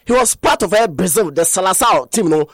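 A man presenting a radio sports news bulletin, talking fast and sometimes slipping into a sing-song lilt. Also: sits high, lively intonation, no echo, clean studio sound.

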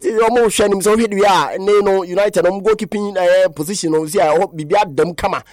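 A man with a Ghanaian accent hosts a radio sports talk show, rambling through lists of player names and switching between languages. His voice sits high with a darkish tone, fairly even intonation and a fast delivery. The studio-quality recording has no room sound.

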